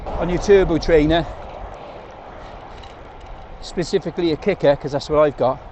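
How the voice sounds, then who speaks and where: A man's voice: a little high, normal speed, dull audio, background noise. A man with an English accent vlogging to camera while cycling on country roads, chatty and rambling with jokey asides. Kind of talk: casual talk to camera while riding. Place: outdoors on country roads on a bike.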